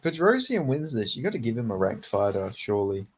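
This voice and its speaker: A man's voice: medium pitch, sing-song, fairly quick, slightly rough. A man co-hosting a casual podcast, telling stories with frequent swearing and laughter. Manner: profane, laughing, storytelling. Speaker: podcast co-host. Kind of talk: casual chat about MMA.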